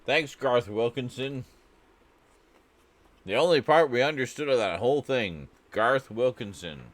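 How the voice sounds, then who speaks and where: A man's voice: mid-range voice, lively intonation, a little slow, dry recording. A man from Canada chatting casually and joking as he reacts to a clip, rambling and laughing often. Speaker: reaction video host.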